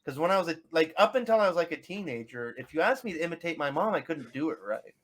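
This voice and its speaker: Brief: higher-pitched bilingual American man, casual podcast chat, explains as he goes. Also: very animated, fast talker, a bit bright. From United States. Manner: chatty, explains with examples and acted quotes. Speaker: podcast panelist.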